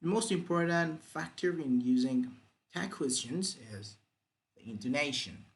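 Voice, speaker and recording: A man's voice: fairly high pitch, expressive, measured pace, rough recording. A man teaching English grammar, repeating example sentences with exaggerated rising and falling intonation. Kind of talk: grammar lesson.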